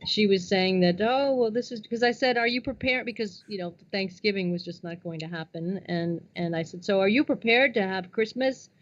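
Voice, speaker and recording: A woman hosting a casual conversation. She reacts quickly, laughs along, and gets animated when she tells a story. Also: mid-range voice, lo-fi sound.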